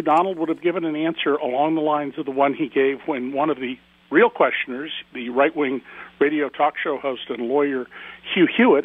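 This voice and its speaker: A man speaks as a radio interview guest, firm and indignant, hammering each point home. His voice is a touch husky and sits fairly high. He comes through a narrow, tinny phone line with no room echo at all. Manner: emphatic, indignant commentary. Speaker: guest author.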